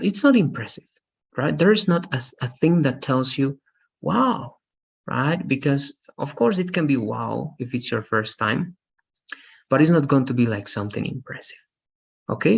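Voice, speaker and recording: Gravelly-voiced male English teacher. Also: medium pitch. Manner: patient, repeats checks like "right?" and "okay?". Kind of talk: online class explanation. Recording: muffled lo-fi audio.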